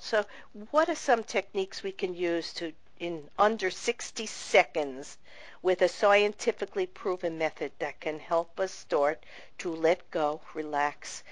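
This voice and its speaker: A woman's voice: on the low side, dry recording, low-quality recording. A woman hosting a radio interview who asks earnest, emphatic questions.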